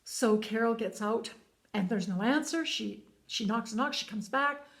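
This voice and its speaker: Earnest woman telling a story, higher voice. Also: normal speed. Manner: earnest, plain retelling with frequent repeats. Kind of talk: spoken storytelling monologue.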